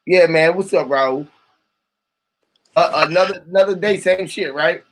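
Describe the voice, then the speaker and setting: A man's voice: high-pitched, unhurried, slight background noise, low-quality recording. A man hosting a live stream, rambling in heavy slang with profanity and lots of rhetorical questions, greeting callers who join a voice chat.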